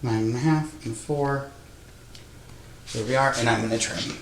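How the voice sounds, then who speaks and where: A man's voice: medium pitch, unhurried, slight background noise. Chatty man teaching quilting in an echoey room. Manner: chatty, self-deprecating, thinking aloud with fillers. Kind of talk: casual sewing tutorial. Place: sewing room, indoors. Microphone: microphone close to his face.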